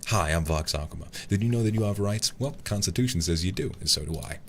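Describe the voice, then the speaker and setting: A man playing a slick, salesy lawyer pitching himself in a TV commercial. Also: quick pace, a little hiss or hum.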